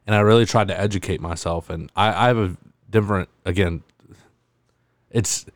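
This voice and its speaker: A young man chatting casually, halting and restarting often as he talks. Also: sits low, dry recording, clean studio sound. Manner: halting, with many fillers and restarts. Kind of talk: casual chat.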